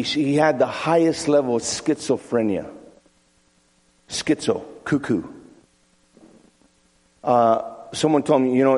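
A pastor preaches in a church sanctuary, his medium-pitched voice slightly mellow. He tells a story, acting out the voices and repeating words, and the recording carries a long hall reverb.

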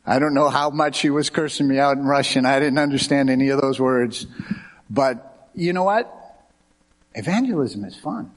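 A middle-aged man from the United States preaching a sermon as a pastor, telling lively stories with quoted dialogue. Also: mid-range voice, normal speed. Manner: animated anecdotes with quoted dialogue. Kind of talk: sermon with storytelling.

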